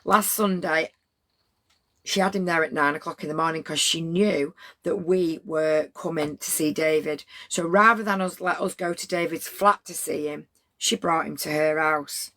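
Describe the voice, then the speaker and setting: A woman's voice: deep voice, moderate pace, a bit bright. A middle-aged woman, telling a story to her livestream chat in a blunt, rambling way with plenty of swearing.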